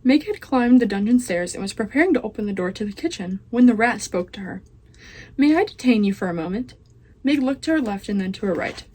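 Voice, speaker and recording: A teenage girl reads a children's novel aloud as a student reader. Her voice sits at a middle pitch, with steady read-aloud pacing. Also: fast talker, hardly any pauses. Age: teens.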